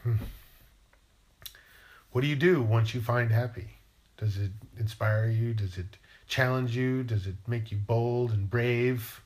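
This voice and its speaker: A man's voice: mid-range voice, unhurried, pauses often, darkish tone. A man, a writer, musing playfully in a rambling monologue and asking himself questions aloud.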